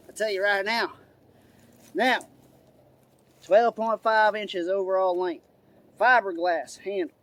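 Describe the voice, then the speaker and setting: A loud, eager redneck man who hollers and drawls "y'all" as he shows off his gear, put on by a man. The voice sits high and sounds rowdy throughout. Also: little pitch movement, slow, pauses often, dry recording. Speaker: host. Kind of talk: product review.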